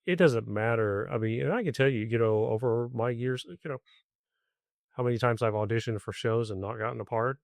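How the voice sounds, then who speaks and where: A man's voice: mid-range voice, fairly quick, vocal fry, no echo, clean studio sound. Supportive man hosting a theatre podcast. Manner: supportive, reflective. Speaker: podcast host. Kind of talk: podcast interview chat.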